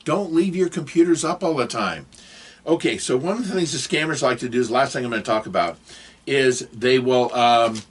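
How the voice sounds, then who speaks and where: Husky older man rambling advice. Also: medium pitch, moderate pace. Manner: rambling, digressive, preachy. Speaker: vlogger giving advice. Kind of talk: casual monologue to camera.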